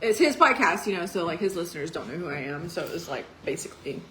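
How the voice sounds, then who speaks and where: A woman's voice: fairly low pitch, big pitch swings, fast talker, a bit bright, low-quality recording. A woman, a headlining comedian, chatting casually and teasing her co-host, laughing easily. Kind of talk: casual chat.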